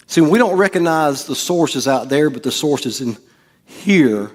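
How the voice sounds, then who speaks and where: Man, pastor, middle-aged, sermon, animated, medium pitch. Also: moderate pace, big-room sound. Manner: animated preaching, swings from quiet to loud.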